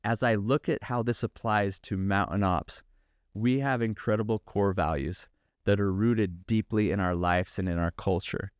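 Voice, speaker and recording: A middle-aged man hosting a podcast, giving an earnest, measured monologue about faith and values with preacherly repetition. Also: fairly low pitch, clean tone, no echo, studio quality. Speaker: podcast host and company founder. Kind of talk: reflective faith-based monologue.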